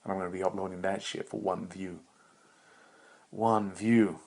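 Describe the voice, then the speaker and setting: Lowish-voiced young man rambling profanely. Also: completely flat delivery, fast talker, gravelly. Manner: meandering, profane, self-mocking, with bursts of laughter. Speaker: podcast host. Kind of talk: rambling solo monologue.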